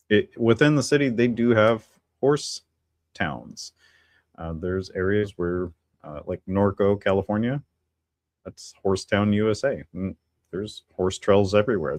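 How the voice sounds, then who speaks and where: A man's voice: on the low side, dry recording. A man hosting a casual livestream, rambling easily with lots of fillers and little chuckles. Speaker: livestream host. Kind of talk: casual solo livestream chat.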